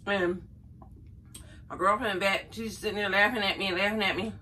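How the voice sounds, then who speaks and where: Middle-aged woman, a bright, animated vlogger telling a story. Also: medium pitch, normal speed, a little hiss or hum, rough recording. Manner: animated, chatty, addresses viewers as y'all. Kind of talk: casual storytelling to camera.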